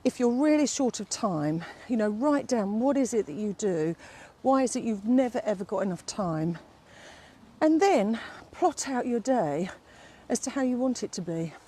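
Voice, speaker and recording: A woman's voice: on the high side, expressive, moderate pace, dark tone, breathy edge. A middle-aged woman, a fitness instructor rambling in a casual vlog outdoors, out of breath while walking up a steep hill with her phone. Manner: chatty, rambling, fond with her dog.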